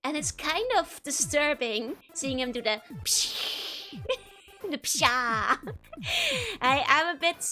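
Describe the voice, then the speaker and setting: Giggly high-voiced woman streamer. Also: takes it slowly, long pauses, bright, forceful tone, soft background music. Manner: giggly, laughs often between remarks; chatty, greets viewers by name. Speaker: VTuber streamer. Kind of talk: casual let's-play commentary.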